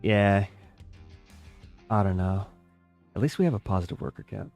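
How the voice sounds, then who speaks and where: A lower-voiced American man talks loosely to his viewers while he plays, wandering off on tangents and poking fun at himself. Faint game music plays behind him. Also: moderate pace, creaky, darkish tone. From United States. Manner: rambling, self-deprecating, talks to chat. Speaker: game streamer. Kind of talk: casual live-stream chat while playing.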